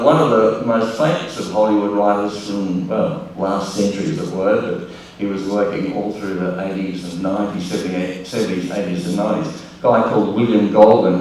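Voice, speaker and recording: A man's voice: lowish voice, normal speed, far from the mic. Older man, echoey hall. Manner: relaxed storyteller, wry humour, frequent restarts. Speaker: guest speaker. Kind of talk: anecdotal speech at an awards ceremony. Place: large hall at a public ceremony.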